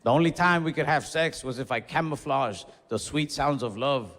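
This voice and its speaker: A young man doing a stand-up comedy set, telling stories in a laid-back, deadpan way with quick asides. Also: medium pitch. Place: comedy club stage. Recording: reverberant club hall with faint crowd noise.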